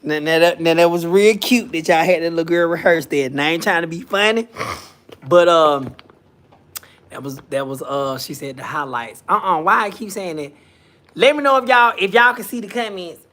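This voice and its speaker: Sassy high-voiced man gossiping live. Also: a bit bright. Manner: sassy, swearing, drawn-out exclamations. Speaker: commentary streamer. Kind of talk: casual live-stream gossip commentary.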